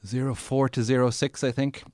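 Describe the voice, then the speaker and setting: A man's voice: medium pitch, flat delivery, moderate pace, darkish tone, dry recording, studio quality. A man with an Irish accent, an author who reads his own fiction theatrically and then chats in a rambling, storytelling way. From Ireland. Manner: theatrical, dramatic reader; rambling, chatty storyteller with restarts. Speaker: author and podcast guest.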